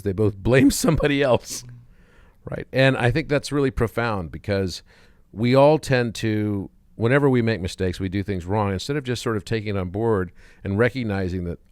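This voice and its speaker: A man's voice: lowish voice, lively intonation, normal speed, darkish tone, no room sound, clean studio sound. A man speaking as a podcast guest in casual conversation, reflective and fond of telling stories. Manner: reflective, storytelling.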